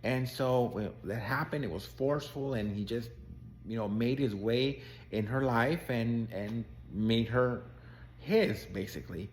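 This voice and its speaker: A man's voice: mid-range voice, unhurried. A man, a life coach, telling a client's story in an earnest, emphatic casual way.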